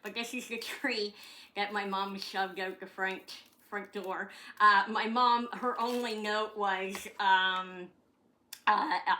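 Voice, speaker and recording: A middle-aged Canadian woman vlogger chats casually at home, rambling and swearing now and then. Her mid-range voice keeps a steady, sharp tone at a slow pace.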